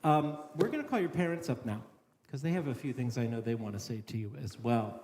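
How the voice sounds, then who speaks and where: Joking rabbi in an echoey sanctuary. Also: male voice, mid-range voice, expressive, brisk. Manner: warm-humored, casual, joking with the congregation. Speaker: rabbi leading the service. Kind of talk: officiating a synagogue service. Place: synagogue sanctuary. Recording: echoey sanctuary with faint noise.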